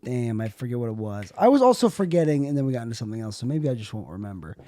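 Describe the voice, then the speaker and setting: A man's voice: medium pitch, big pitch swings, very fast, noisy background. A man co-hosting a podcast, a stand-up comedian riffing playfully on jokes in casual chat.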